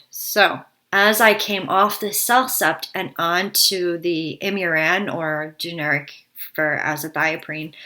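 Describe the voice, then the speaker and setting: Bright-voiced woman giving a candid update. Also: on the low side. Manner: candid, worried, halting with restarts. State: a little out of breath. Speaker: health vlogger. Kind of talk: casual personal update to camera.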